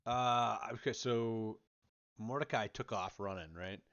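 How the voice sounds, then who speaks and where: A man's voice: fairly low pitch, unhurried, fairly bright tone, clear, resonant tone. Casual male player, dull audio. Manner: repetitive restarts, casual. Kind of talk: tabletop game play.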